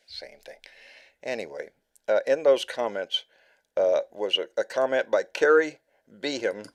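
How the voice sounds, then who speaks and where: A man hosting a live online talk show, reading a long comment aloud, often stumbling and restarting words. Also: medium pitch. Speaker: host.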